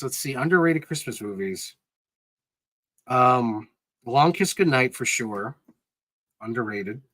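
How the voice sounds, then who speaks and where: A man chatting casually on a live stream, excitedly recapping movies in a rambling, sentimental way. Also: mid-range voice, no echo, poor audio. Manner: sentimental, gets choked up.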